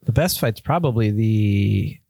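A man's voice: fairly low pitch, expressive, a little slow, vocal fry, darkish tone, no echo, studio quality. A man co-hosting a casual movie chat, giving emphatic, opinionated breakdowns. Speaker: podcast co-host.

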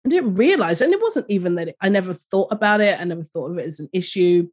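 Brief: London-accented woman, lower voice, animated and laughing, podcast guest coach. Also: quick pace. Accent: London English. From London, England. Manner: animated, laughs often, frequent affirmations. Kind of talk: casual podcast conversation.

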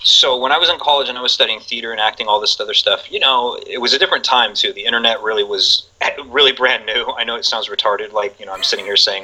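A husky man in his forties talks as a guest in a relaxed chat. His voice is bright and forceful, and he rambles along with lots of fillers and laughter. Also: medium pitch, fast, few pauses, low-quality recording. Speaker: podcast guest. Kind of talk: casual chat.

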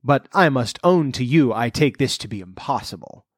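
A man voicing a sly, scheming male cat in boots in a storybook, speaking smoothly and courteously. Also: medium pitch, lively intonation, moderate pace, dry recording, studio quality, natural voice. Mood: courtly.

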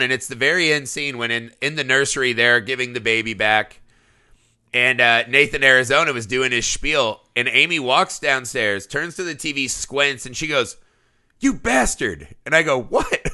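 A man's voice: medium pitch, moderate pace, bright, forceful tone, smooth. A man co-hosting a podcast, telling stories about movies with frequent laughter and some swearing. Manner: laughing often, storytelling, profane. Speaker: podcast co-host. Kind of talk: casual film discussion.

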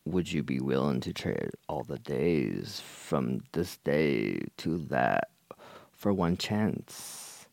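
A man putting on a rebel leader rallying his troops, but with none of the fire, just a hushed, slow and unsettling calm. The voice sits very low and is recorded close and dry. It sounds more like a creepy bedtime whisper than a battle cry. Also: gravelly, no echo, full character voice.

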